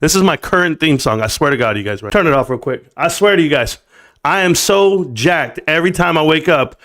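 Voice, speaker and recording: Animated, blunt male livestream host. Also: a little fast. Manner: animated and blunt, pitch jumping up with emphasis. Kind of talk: casual live-stream rant.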